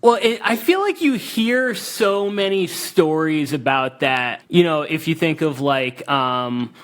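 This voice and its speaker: A man's voice: a little high, lively intonation, takes it slowly, smooth. A man co-hosting a music podcast, talking in a laid-back, agreeable way. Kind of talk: casual music chat.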